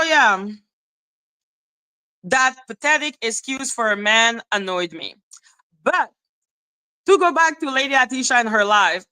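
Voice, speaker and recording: A woman's voice: a little high, sharp tone, smooth, dry recording, low-quality recording. A woman live-streaming a heated, profane rant, scornful and mocking. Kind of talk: heated ranting commentary.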